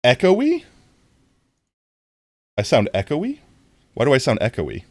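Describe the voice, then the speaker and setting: A man's voice: mid-range voice, slow, dry recording, clean studio sound. A man streaming a video game live, chatting casually with his viewers and breaking into mock-dramatic outbursts. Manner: animated, talks to chat, mock-dramatic outbursts.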